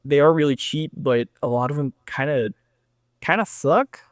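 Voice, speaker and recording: A man's voice: fairly high pitch, normal speed, no echo. Casual young man with a dry close sound. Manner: relaxed, loose, with many fillers. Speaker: podcast co-host. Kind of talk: casual hobby chat.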